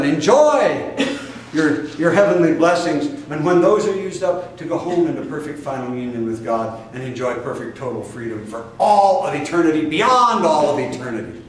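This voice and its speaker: An older man with a Midwestern American accent preaching a sermon to a congregation, emphatic and fiery, with sudden loud bursts and drawn-out stresses. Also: on the high side. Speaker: spiritual teacher. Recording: echoey distant room recording with faint noise.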